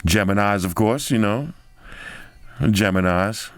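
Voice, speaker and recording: A man's voice: lowish voice, takes it slowly, clear, resonant tone, no room sound. A man hosting a tech video, chatting casually while he scrolls a phone, slangy and loose, thinking aloud as he goes. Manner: slangy and chatty, drops in "yo" and "bro".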